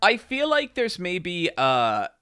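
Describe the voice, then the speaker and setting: A man streaming live, telling a funny story to his chat in a casual, animated way, laughing and quoting others. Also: high voice, takes it slowly, clean tone, no echo, clean studio sound, soft background music. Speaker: streamer host.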